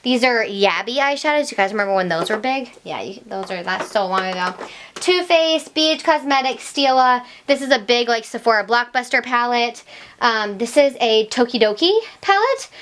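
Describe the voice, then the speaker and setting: A young woman vlogger chatting casually to camera about her makeup collection, swinging between excited and tired asides. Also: fairly high pitch, moderate pace. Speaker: beauty vlogger.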